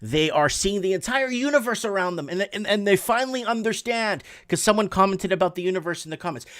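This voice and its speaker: A man in his forties telling a story in a casual, animated way, often repeating words for emphasis. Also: high voice, fast talker, few pauses, no echo, studio quality. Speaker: podcast host.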